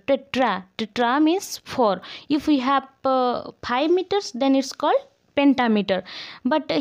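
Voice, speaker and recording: Casting: high-voiced woman, patient teacher explaining poetry with frequent fillers. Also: darkish tone, poor audio. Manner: unscripted, many "uh" fillers, spells words out letter by letter. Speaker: literature teacher. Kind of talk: explanatory lesson narration.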